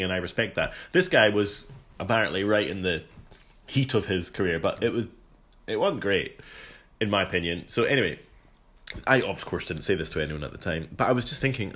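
Chatty Scottish man with a low voice. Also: fairly bright tone. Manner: chatty, rambling, laughs often. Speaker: podcast co-host. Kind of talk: casual chat, storytelling.

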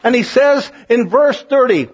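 A man's voice: very high voice, lively intonation, unhurried, breathy edge, muffled recording. A man preaching a sermon, reading scripture and building fervent, repetitive appeals to his listeners. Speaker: pastor.

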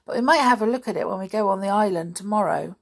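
A woman's voice: medium pitch, fast talker, vocal fry, husky. A woman reading the part of a fierce, bold tomboy girl. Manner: fiery, possessive.

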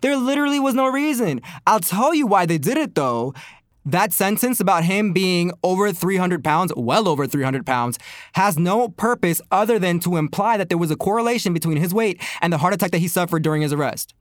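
High-voiced man, profane heated commentary. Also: lively intonation, a little fast, no room sound, studio quality. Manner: profane, incredulous, mocking. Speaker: commentary host.

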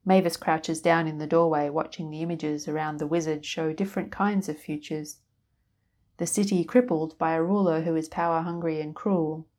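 Calm woman reading a story aloud. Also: deep voice, moderate pace. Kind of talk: scripted fiction narration.

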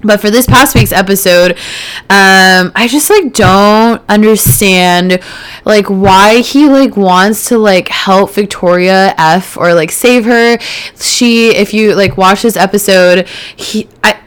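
A young woman in her early twenties talks through her week on her own podcast. Her voice is smooth and clear, and she rambles casually with lots of filler words. She turns animated when she recounts drama. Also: medium pitch, slow. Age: early 20s. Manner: chatty, heavy on fillers, gets animated retelling drama. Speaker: podcast host. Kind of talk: casual solo podcast chat.

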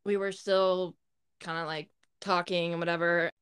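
A woman's voice: on the low side, little pitch movement, moderate pace, a bit bright, smooth. A woman co-hosting a podcast, telling a personal story in a candid, blunt way and swearing freely. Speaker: podcast co-host. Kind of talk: casual storytelling.

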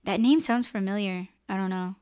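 A woman's voice: mid-range voice, normal speed, darkish tone, clean tone. A woman hosting a live-stream podcast, talking candidly and emotionally and swearing freely. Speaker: podcast host.

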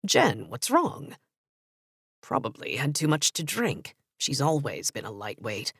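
A woman's voice: a bass voice, wildly swooping pitch, measured pace, creaky, fairly bright tone, husky, no echo, clean studio sound, voice pushed down, heavily acted. A woman voicing a smug male businessman boyfriend in an audiobook story, offhand and condescending.

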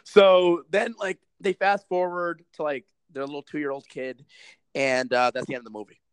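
A man recapping a movie in casual chat, animated and sarcastic, with lots of swearing. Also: fairly high pitch, normal speed, smooth, no room sound, low-quality recording. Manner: animated, profane storytelling with sarcastic asides. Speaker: movie reviewer.

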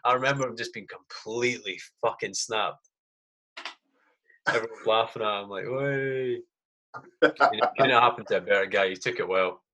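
A man's voice: lowish voice, normal speed, bright, forceful tone, slight background noise. A man, a soldier, casually telling stories in a podcast chat, swearing constantly and saying mate a lot.

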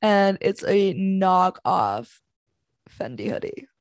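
Young woman ranting on her home podcast, lots of fry, swears a ton, dead dry sound. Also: medium pitch, sing-song, takes it slowly, no room sound. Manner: rambling, profane and exasperated storytelling. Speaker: podcast host. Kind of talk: casual solo podcast rant. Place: small house at home.

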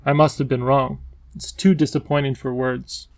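A man voicing a lonely, eager male creature king, the Wangdoodle, who lisps and talks excitably. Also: fairly high pitch, fairly quick, vocal fry. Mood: dejected. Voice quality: lisping. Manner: excitable, bouncy, pleading.

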